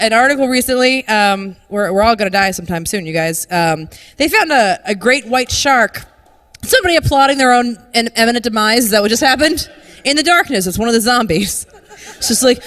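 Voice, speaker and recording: A woman's voice: fairly high pitch, big-room sound. A woman doing stand-up on a live stage, joking darkly about death and riffing with the crowd. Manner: dark, morbid humor with playful crowd work. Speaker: stand-up comedian. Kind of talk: stand-up set. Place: live comedy stage before an audience.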